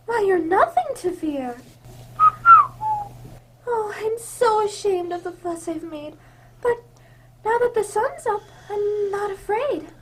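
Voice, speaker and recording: A very high, sweet and breathy young princess, gentle and easily frightened, as a woman plays her in a radio drama. She speaks slowly and softly. Loud hiss sits under the voice. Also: heavily acted. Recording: loud background noise.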